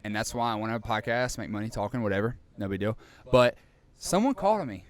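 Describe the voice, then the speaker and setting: A young man co-hosting a podcast, telling a story in a lively, animated way and acting out scenes. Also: fairly low pitch, quick pace. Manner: animated storyteller, acts out scenes, laughs often. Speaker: podcast co-host. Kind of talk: casual chat, storytelling.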